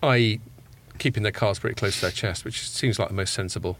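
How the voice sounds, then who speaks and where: A man with a slightly low voice hosts a casual podcast chat. He keeps things relaxed and steers the talk between his guests. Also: fast, slight background noise. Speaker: podcast host.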